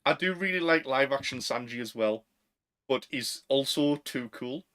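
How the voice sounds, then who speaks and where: A man's voice: mid-range voice, animated, moderate pace, a bit bright. A man with a Northern English accent, co-hosting a casual podcast chat, who talks in slang and laughs often. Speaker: podcast co-host.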